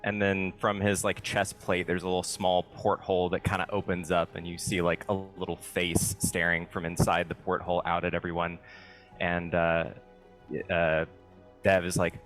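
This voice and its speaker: A man's voice: sits low, completely flat delivery, moderate pace, a bit bright, faint music behind. A man narrating as a tabletop game player, casual and hesitant.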